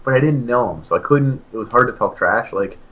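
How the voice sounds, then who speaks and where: Thirty-something guy on a podcast, telling a story, voice goes way up and down, gets loud and excited. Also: mid-range voice, fairly quick, phone-quality sound. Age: 30s. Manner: animated, jumps into loud excited quoted voices. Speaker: podcast co-host. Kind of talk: casual storytelling chat.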